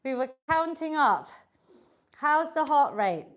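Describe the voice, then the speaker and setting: A woman with a high, bright voice teaches a live online workout class. She cheers the class on and counts reps aloud. She sounds a little out of breath. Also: animated, takes it slowly. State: slightly out of breath. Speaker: fitness instructor.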